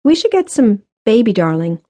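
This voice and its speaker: A woman's voice: a little high, big pitch swings, normal speed, dark tone, voice pushed up. A smitten, wistful married woman. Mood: playful.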